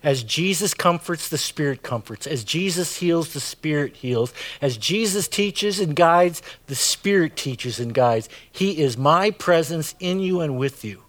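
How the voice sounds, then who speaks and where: Middle aged guy preaching, slightly high voice, chatty, keeps asking right?. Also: expressive, unhurried, few pauses, a bit bright. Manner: conversational preaching with many asides and "right?" tags. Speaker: pastor. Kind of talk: sermon.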